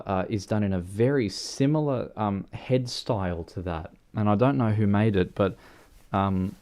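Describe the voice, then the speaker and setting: A game streamer from New Zealand chats casually while driving in a game on his livestream, rambling with many fillers and restarts and joking at his own expense. His voice is fairly low and a little mellow.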